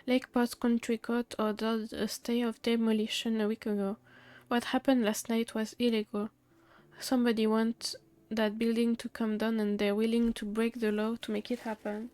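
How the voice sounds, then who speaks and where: A woman's voice: on the high side, flat delivery, moderate pace, darkish tone, smooth, no room sound. A woman streamer reading game dialogue aloud in a matter-of-fact way, with small asides of her own.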